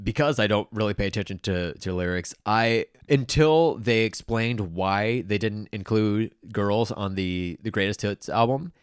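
A man's voice: on the low side, unhurried, few pauses, clear, resonant tone, no room sound, studio quality. A man co-hosting a podcast, chatting casually about an album, rambling with lots of fillers and restarts. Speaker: podcast co-host. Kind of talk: casual chat about music. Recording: faint music playing underneath.

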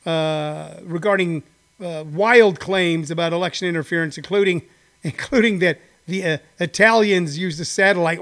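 Older man, podcast host, high voice, opinionated, rambling commentary. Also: a bit bright. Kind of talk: casual political commentary.

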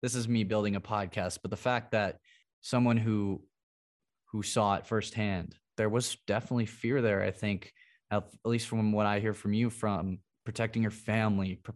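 A man's voice: lowish voice, steady tone, moderate pace. Earnest young man hosting a podcast. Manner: earnest, thoughtful questioner. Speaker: podcast host, interviewer. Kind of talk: interview questions.

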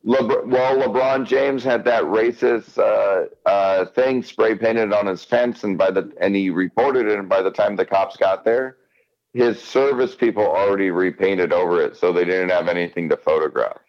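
Deep-voiced man, rambling and profane. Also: fairly even intonation, moderate pace, dull audio. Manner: rambling, profane, repeats words. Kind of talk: casual podcast chat.

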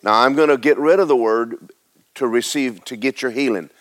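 A man's voice: mid-range voice, moderate pace. Male preacher, church sermon, casual delivery with repeated words and questions to the congregation. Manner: conversational preaching with repetitions and rhetorical questions.

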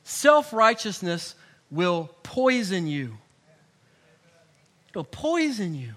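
Casting note: middle-aged male pastor, very high bright voice, animated sermon delivery. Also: extremely slow. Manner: animated, swings from hushed to loud, acts out quoted voices.

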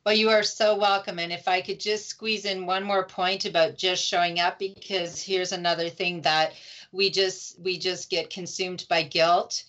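A woman speaking as a guest in an interview, animated and emotive, telling heartfelt stories and laughing often. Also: fairly low pitch, normal speed. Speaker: guest, grief support speaker. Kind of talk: conversational interview. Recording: slightly dull lo-fi audio.

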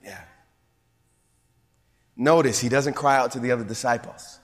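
A man preaching a sermon as bishop and pastor, swinging from hushed whispers to emphatic shouts. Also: mid-range voice, unhurried, in a large hall. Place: church sanctuary.

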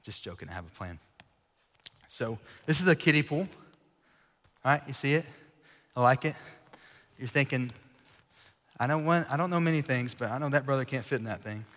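A man in his late twenties preaching a lively, jokey sermon, swinging between loud exclaiming and hushed asides. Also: medium pitch, normal speed, long pauses. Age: late 20s. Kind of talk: energetic youth-style sermon. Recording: long reverb of a large hall.

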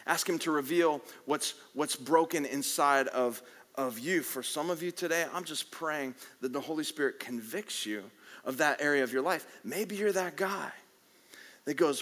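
A man preaching a sermon at a worship service, telling the story with animation and swinging from loud to hushed. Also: a little high, measured pace. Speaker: pastor. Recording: echoey hall reverb.

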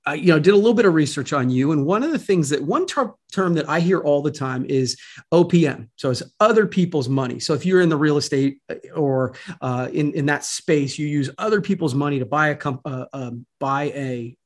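A man's voice: on the high side, lively intonation, a little fast. A man hosting a podcast interview, asking long, rambling questions full of restarts. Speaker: podcast host.

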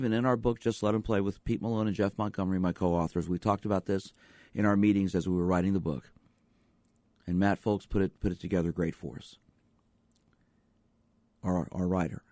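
The recording is dry and studio quality, capturing a man's lowish, darkish voice. As a sports psychologist hosting a radio show, he gives an emphatic monologue built on repeated rhetorical questions.

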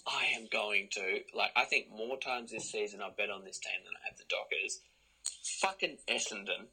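A young Australian man co-hosting a casual sports podcast, joking and chipping in with quick remarks. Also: lowish voice, pushed and bright, slightly rough, low-quality recording. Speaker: podcast co-host.

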